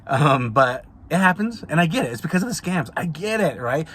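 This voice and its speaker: A man's voice: a little high, very animated, fairly quick, a bit bright, breathy edge. A man hosting an advice podcast, talking casually and informally, with frequent restarts and repetitions. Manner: conversational, repeats and restarts often. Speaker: podcast host, signing service owner.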